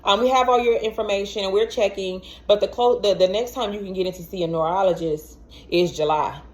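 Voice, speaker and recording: A young adult woman telling a personal story to camera in a casual, animated way, acting out what others said and stumbling over repeated words. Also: medium pitch, a little fast. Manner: animated, acts out quoted voices, stammers and repeats words.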